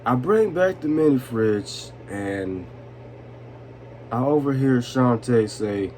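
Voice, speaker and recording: A man's voice: mid-range voice, very animated, slow, darkish tone, slight background noise. A young man telling a drunk storytime, loose and profane, laughing and often asking "you know what I'm saying". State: tipsy from vodka.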